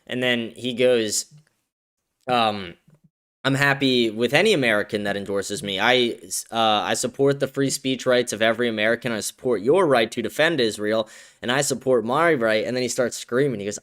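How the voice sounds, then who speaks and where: A man hosting a political commentary show, reacting to a clip in a mocking, profane way, laughing often and shouting when he gets worked up. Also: mid-range voice, normal speed.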